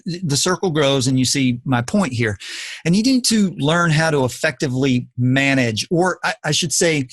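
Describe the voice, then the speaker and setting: A man's voice: a little high, no room sound. A man hosting a podcast, talking in an earnest, emphatic, lecturing way. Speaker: podcast host. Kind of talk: casual podcast talk.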